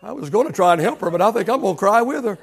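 A man preaching in a church with a high, gravelly voice. He preaches emphatically, urging the congregation to say lines back to him. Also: expressive, rapid-fire. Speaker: pastor. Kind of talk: sermon. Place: church sanctuary.

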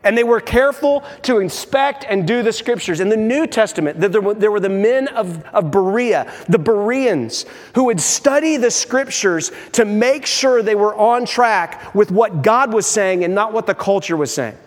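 High-voiced preacher in a big hall. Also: male voice, normal speed, few pauses. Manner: animated preaching, acting out quoted voices. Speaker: pastor. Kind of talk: sermon. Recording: long reverb of a large hall.

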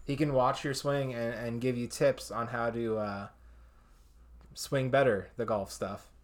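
A man's voice: medium pitch, steady tone, unhurried. A man playing a tabletop game, chatting casually and rambling. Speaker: player.

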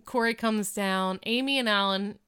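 A woman co-hosting a podcast, casually recapping a TV episode in a rambling, animated way with lots of filler words. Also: medium pitch, moderate pace, no room sound, studio quality. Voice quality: very clear and crisp. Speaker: podcast co-host.

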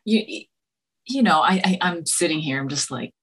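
A woman talking earnestly as a guest, halting and searching for words with many restarts. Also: on the low side, expressive, fairly bright tone, breathy edge. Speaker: podcast guest. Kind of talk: earnest conversation.

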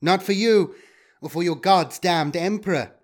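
A man's voice: sits high, a little slow, pitched above the performer's own voice. Male reader doing a menacing woman cultist leader. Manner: cold, threatening. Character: menacing female cult leader.

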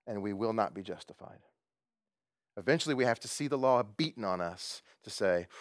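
A man's voice: mid-range voice, no room sound, studio quality. A man preaching a conversational sermon who chuckles often and asks his listeners questions. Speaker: pastor.

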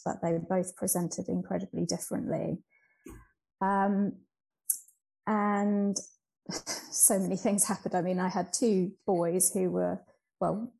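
A woman's voice: fairly low pitch, creaky, dark tone, slightly rough, poor audio. A woman, a change coach talking as a guest, reflective and hesitant with frequent ums. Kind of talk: conversational interview.

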